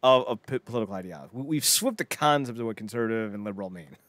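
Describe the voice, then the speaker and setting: A man's voice: lowish voice, lively intonation, very fast, fairly bright tone, dry recording. A man co-hosting a podcast, rambling in casual banter and slipping into silly impressions. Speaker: podcast co-host.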